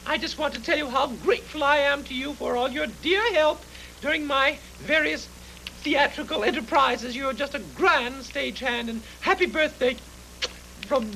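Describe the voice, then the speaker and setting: A man's voice: moderate pace, sharp tone, slight background noise, full character voice, low-quality recording. A man voicing a grand, theatrical lady octopus in a 1970s TV puppet show, gushing and tearfully effusive. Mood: fussing. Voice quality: high fluttery gushing voice.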